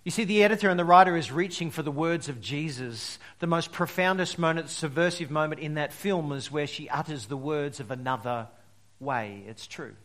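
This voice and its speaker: A male pastor preaching a sermon, telling stories and swinging between loud emphasis and quiet drops. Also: fairly high pitch, normal speed. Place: church service.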